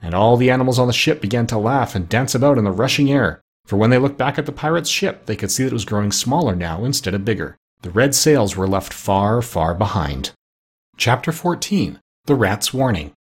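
Husky male storybook narrator. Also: mid-range voice, a little fast. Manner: steady, expressive read-aloud.

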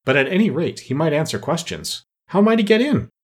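A man's voice: on the high side, big pitch swings, a little fast, husky, voice pushed up. A man voicing Alice, a curious, polite little girl who keeps insisting earnestly.

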